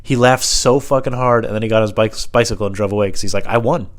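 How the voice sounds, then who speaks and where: A man's voice: fairly even intonation, fast talker. A young man hosting a solo podcast from home, rambling and self-deprecating. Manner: self-deprecating, meandering, puts on squeaky voices for others. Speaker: podcast host. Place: home room, alone.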